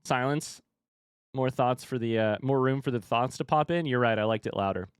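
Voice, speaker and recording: A man's voice: medium pitch, normal speed, clear, resonant tone, dry recording. Easygoing man with an Indiana accent. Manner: thinks aloud, reads chat, chatty and easygoing. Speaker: streamer. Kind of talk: casual live-stream chat while gaming.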